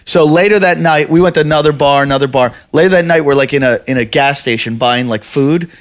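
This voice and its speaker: Man telling a profane comic story, slightly high. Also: quick pace. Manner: profane, animated, acts out other people's shouting. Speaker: podcast host. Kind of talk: casual storytelling chat.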